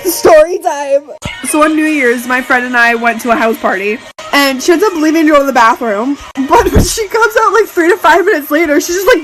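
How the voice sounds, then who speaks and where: A woman with a very high voice tells a funny party story. She sounds giggly and breathless, rushing through the quoted lines. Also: animated, faint music behind, rough recording. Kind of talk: casual storytime.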